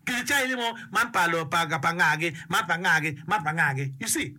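Man, high, bright and husky voice, emphatic talker who keeps asking "okay?". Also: expressive, moderate pace. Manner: emphatic, repeats phrases, checks in with "okay?" and "eh?". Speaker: speaker on education and community. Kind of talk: casual explanatory talk mixing English and a local language.

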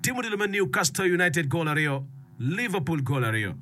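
A man doing excitable live football commentary, rapid and sing-song. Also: on the high side, a little hiss or hum. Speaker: sports radio commentator.

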